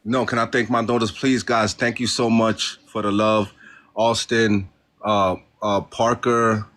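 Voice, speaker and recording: A man's voice: on the low side, flat delivery, a little slow, fairly bright tone. A man joining a live debate as a guest, laid-back and teasing, with casual slangy speech.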